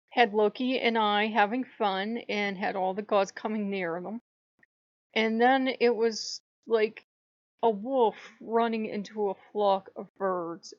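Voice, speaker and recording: A woman hosting a casual spiritual vlog, telling a rambling, animated story and laughing often. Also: mid-range voice, no room sound. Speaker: channel host. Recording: dull lo-fi dry recording.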